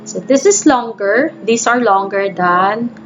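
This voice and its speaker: A woman teacher speaks at an unhurried pace, reading syllables and words aloud for her pupils. Her voice comes through a dull, lo-fi recording. A faint hiss sits underneath. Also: mid-range voice, expressive. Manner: slow, explains in English mixed with Bikol, reads syllables aloud.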